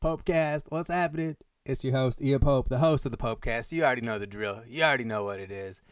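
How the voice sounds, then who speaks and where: A man hosts his solo comedy podcast, rambling from one bit to the next in a joking, mock-grandiose tone. His voice sounds smooth and clear. The recording is close and dry, with no room sound. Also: medium pitch, quick pace, no echo. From American Midwest. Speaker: podcast host. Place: Des Moines. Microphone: headphones on, home podcast mic.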